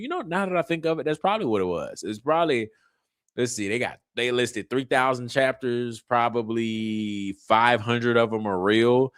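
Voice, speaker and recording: A man's voice: mid-range voice, dry recording, studio quality. A man hosting a casual reaction commentary, who teases and mocks in loose, slangy talk. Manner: animated, teasing, mocking, loose slangy talk. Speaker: commentary channel host.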